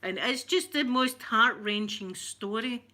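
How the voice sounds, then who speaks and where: Woman, casual stream chat, emotional, sharp bright tone. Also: fairly high pitch, a little slow. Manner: chatty, emotional, open about feelings. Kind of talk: casual chat answering viewers.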